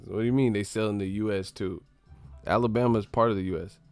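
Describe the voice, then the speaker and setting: A man's voice: lowish voice, fairly even intonation, fast talker, a little mellow, clear, resonant tone, no room sound, soft background music. Laughing, joking man on a live stream. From California. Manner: joking, laughing often, profane, mimics voices. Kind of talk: casual live stream chat with chat readers.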